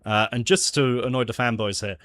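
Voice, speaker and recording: A man's voice: mid-range voice, a little fast, a bit bright, no room sound, clean studio sound. Chatty man musing as he works. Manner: chatty, laughs often, mutters to himself. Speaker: game developer streaming his jam entry. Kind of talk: casual livestream chat while working.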